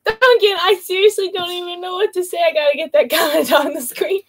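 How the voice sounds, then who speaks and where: A woman co-hosting a casual livestream, excitable and gushing, laughing often and close to tears. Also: extremely high pitch, a little fast, a little hiss or hum. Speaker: livestream co-host thanking viewers.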